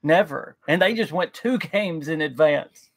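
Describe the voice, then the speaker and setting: This livestream co-host is a man whose somewhat high voice carries a gravelly, fry-heavy edge as he talks casually during a reaction stream. He's eager and rambling, frequently starting sentences over, with lively intonation at a measured pace. The audio is close and completely dry, free of room echo.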